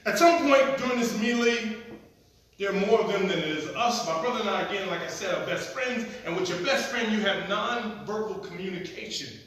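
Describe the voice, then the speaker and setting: A man telling a comic story at a live storytelling performance, animated and acting out the scenes. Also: high-pitched, a little fast, a little hiss or hum. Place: performance venue. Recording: echoey room, mic at a distance.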